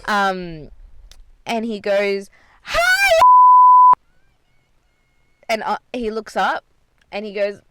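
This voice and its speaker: A woman's voice: medium pitch, steady tone, takes it slowly, long pauses, very noisy. A woman podcast co-host telling a story in casual chat, swearing freely and retelling things with energy, recorded inside a parked car.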